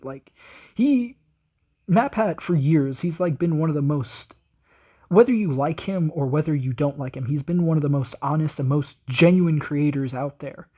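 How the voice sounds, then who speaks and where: A man's voice: on the high side, normal speed, warm tone. A young man hosting a reaction video, talking in a casual, slangy and rambling way.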